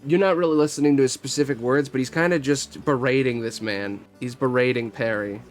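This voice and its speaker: A man narrating as game master in a casual, relaxed way. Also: medium pitch, fairly quick, soft background music.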